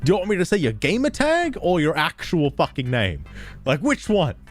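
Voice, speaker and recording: A man streaming live, chatting casually in an animated, profane way, his throat strained. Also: a little high, normal speed, soft background music. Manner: animated, profane, laughing often.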